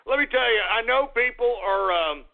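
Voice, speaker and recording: A boisterous man hosting a call-in radio show, his fairly high voice rough with gravel. He talks crudely and bursts into shouts and whoops. The sound is thin and tinny, like a phone line. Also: animated, moderate pace.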